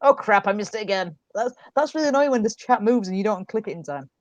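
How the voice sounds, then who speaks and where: A woman's voice: medium pitch, expressive, fairly quick, no echo, highs cut off. Woman host chatting on stream, teasing, laughs a lot, dead dry sound. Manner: teasing, giggly, banter-heavy. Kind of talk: casual live-stream chat.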